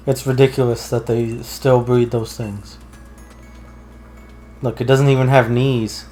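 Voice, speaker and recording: A man's voice: medium pitch, little pitch movement, a little slow, mellow, soft background music. Sarcastic man riffing on a game. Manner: sarcastic, joking, wry asides. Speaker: let's play co-host. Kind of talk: casual gameplay commentary.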